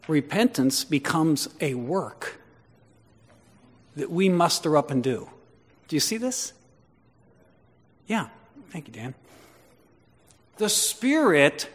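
A man preaching a sermon to his congregation, swinging between loud emphatic lines and quiet conversational asides with questions to the listeners. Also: on the high side. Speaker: pastor. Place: church. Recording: long reverb of a large hall.

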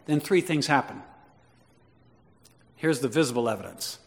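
A man preaching a sermon to his congregation, swinging between loud emphatic lines and quiet conversational asides with questions to the listeners. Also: medium pitch, animated, moderate pace, creaky. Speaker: pastor. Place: church. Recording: long reverb of a large hall.

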